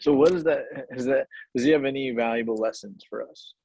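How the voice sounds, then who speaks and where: A young podcast co-host with a slightly husky, mid-pitched voice. He chats casually and keeps cutting in with wry, teasing questions. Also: a little fast, darkish tone, no echo, rough recording. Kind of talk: casual chat.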